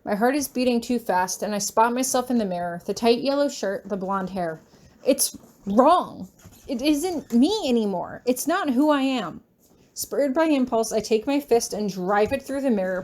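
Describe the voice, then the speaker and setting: A woman reading a first-person fanfiction story aloud, with emotional, expressive delivery. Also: a little high, normal speed. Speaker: audiobook reader.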